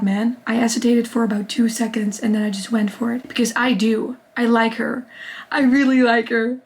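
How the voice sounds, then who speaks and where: Higher-voiced woman reading a novel aloud. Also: normal speed, low-quality recording. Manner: reads in a steady first-person narration, bursting into excited reactions. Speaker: book vlogger.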